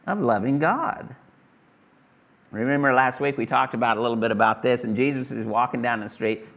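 A middle-aged man preaching a sermon in a relaxed, folksy way, talking to his congregation like neighbors. His voice is mid-pitched with a gravelly edge. He circles back and repeats his key phrases. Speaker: pastor. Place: church hall with congregation.

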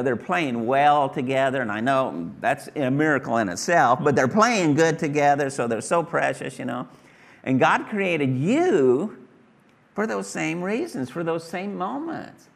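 Middle-aged guy preaching, gravelly voice, chatty and folksy, keeps repeating himself. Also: a little high. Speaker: pastor. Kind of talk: sermon. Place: church hall with congregation.

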